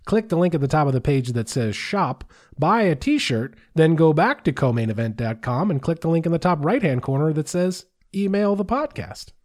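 Dude hosting a podcast, dry wry delivery, reads out listener mail. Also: male voice, fairly high pitch, expressive, moderate pace, few pauses, a little mellow. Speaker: podcast host. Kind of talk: casual chat.

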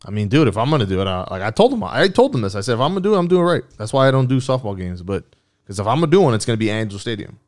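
Low-voiced man bantering on a podcast. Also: very animated, racing, darkish tone. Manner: profane, rambling, jokey. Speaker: podcast host.

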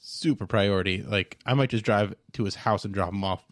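Fast-talking podcast host, dry sound. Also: male voice, on the low side, dry recording. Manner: curious, questioning, wry. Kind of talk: casual podcast chat.

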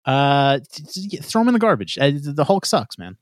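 A man's voice: a little high, big pitch swings, normal speed, dry recording, clean studio sound. A man co-hosting a podcast, speaking bluntly and emphatically with swearing. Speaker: podcast co-host. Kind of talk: casual opinion chat.

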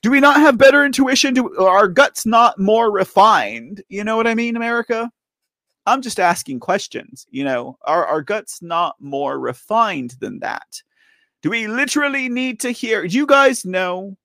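Animated, high-pitched man in his forties. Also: moderate pace, dry recording, clean studio sound. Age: 40s. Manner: animated, sarcastic, laughing asides and rhetorical questions. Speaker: host of a political commentary show. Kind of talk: live off-the-cuff commentary.

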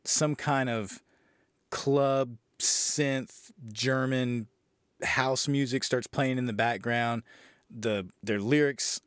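A man's voice: medium pitch, no room sound, clean studio sound. A man hosting a podcast, casually retelling a movie's plot with profanity, sarcasm and disbelief. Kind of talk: casual movie review recap.

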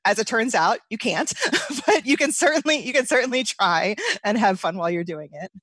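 A woman's voice: medium pitch, animated, brisk, fairly bright tone, breathy edge, dry recording. Woman, bakery owner guest, chatty and easy laugh, dry close mic. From United States. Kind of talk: casual interview.

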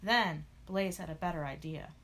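A woman narrating a children's storybook aloud in an expressive, animated way. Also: on the low side, moderate pace.

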